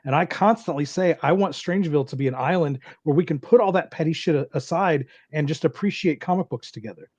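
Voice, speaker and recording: A man's voice: on the high side, fast, hardly any pauses, darkish tone, no room sound. Casual man host, dry sound. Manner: rambling, casual, swears. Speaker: podcast host. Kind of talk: casual podcast chat.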